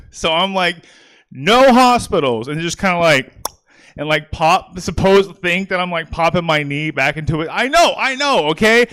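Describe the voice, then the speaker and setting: A man's voice: sits high, normal speed, pushed and bright, clean tone. A young man doing a rambling stand-up comedy set with crowd work in a small comedy theater.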